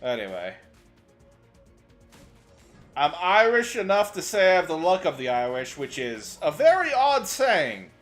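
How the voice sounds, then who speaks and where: A young man streaming a game, chatting with his viewers as he plays and breaking into sudden excited outbursts. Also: fairly high pitch, measured pace, long pauses, soft background music. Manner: chatty, answers chat while playing, sudden excited outbursts. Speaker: VTuber streamer. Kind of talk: gaming livestream commentary.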